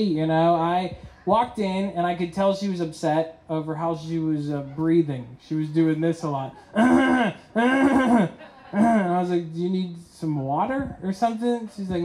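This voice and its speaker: A man's voice: high voice, unhurried, darkish tone, echoey room, low-quality recording. A man performing a stand-up comedy set in a club, telling stories and acting out the dialogue. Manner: storytelling with acted-out dialogue.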